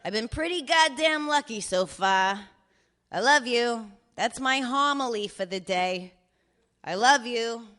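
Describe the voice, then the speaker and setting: A woman's voice: a little high, lively intonation, slow pace, fairly bright tone. A woman voicing her older father reading his voicemails, swearing freely and joking with wry affection. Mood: affectionate rambling. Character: older father, cheerful, profane, doting. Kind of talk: reading voicemails aloud in character.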